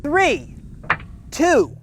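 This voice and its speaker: A man's voice: very high voice, huge pitch swings, drawn-out words, background noise. A man appearing as a guest at an outdoor shooting range, easygoing, exclaiming at big hits and hesitating with fillers when put on the spot. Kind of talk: casual chat.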